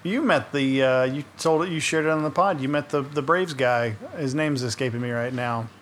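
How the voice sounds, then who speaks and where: A man co-hosting a casual podcast, relaxed and quick to laugh. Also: mid-range voice, a little hiss or hum. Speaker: podcast co-host.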